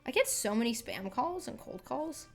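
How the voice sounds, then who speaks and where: Brief: young female singer chatting to viewers at a desk mic, loose and rambly, slightly high voice. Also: sing-song, moderate pace, loud music behind the voice. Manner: rambling, chatty, heavy filler words. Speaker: singer and streamer. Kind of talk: casual chat on a live stream. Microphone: desk microphone.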